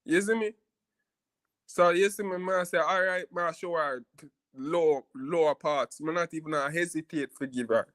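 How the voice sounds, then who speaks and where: A man's voice: a little high, moderate pace, fairly bright tone, no room sound. A man tells a personal story in a rambling, casual way, often asking "you see me" and laughing as he goes. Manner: frequent laughs and restarts while telling.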